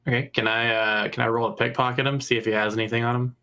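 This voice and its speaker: A man's voice: mid-range voice, level tone, rapid-fire, sharp tone. A man playing a tabletop game, casually asking about rules and describing his character. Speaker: player.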